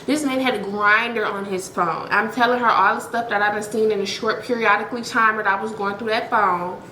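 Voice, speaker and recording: Bright, dramatic woman telling a story. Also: mid-range voice, steady tone, fairly quick, roomy sound, slight background noise, rough recording. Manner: dramatic, blunt and profane, addressing viewers directly. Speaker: storytime vlogger. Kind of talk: casual storytelling to viewers.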